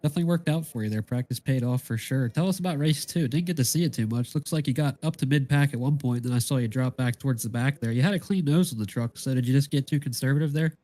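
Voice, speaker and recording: A man commentating from the booth, interviewing drivers after a race in a quick, upbeat, friendly way. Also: medium pitch, warm tone.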